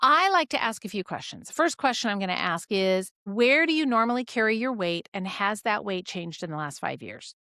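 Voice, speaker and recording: Lively woman teaching clinicians, dry sound. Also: mid-range voice, clean tone, no room sound. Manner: lively, conversational, rhetorical questions. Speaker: health educator.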